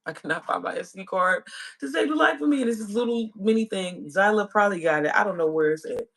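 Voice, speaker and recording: A woman's voice: medium pitch, lively intonation, quick pace, vocal fry, fairly bright tone. A woman chatting casually with viewers on a livestream as an online business coach, calling them y'all and girl.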